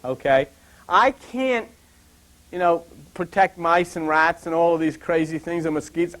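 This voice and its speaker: An older man giving a rambling Bible talk and drifting into funny personal stories in an animated, digressive way. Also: fairly high pitch, unhurried. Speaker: Bible teacher.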